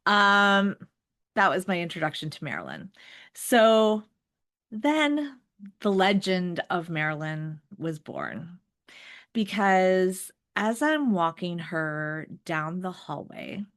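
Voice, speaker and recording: A woman's voice: lowish voice, big pitch swings, takes it slowly, fairly bright tone. A woman in her forties hosting a podcast, telling a personal story in a chatty, self-deprecating way with plenty of fillers. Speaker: podcast host.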